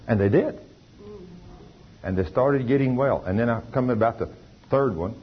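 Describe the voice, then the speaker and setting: A man's voice: medium pitch, normal speed, slight background noise. A man preaching a sermon, telling testimony stories with emphatic delivery. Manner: emphatic, testifying with acted quotes. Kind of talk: sermon storytelling. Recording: dull lo-fi recording.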